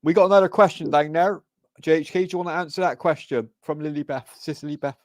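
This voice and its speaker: A man's voice: on the high side, fast, no echo. A man hosting a casual livestream chat, reassuring his guests and calling them "man" and "brother". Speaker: livestream host.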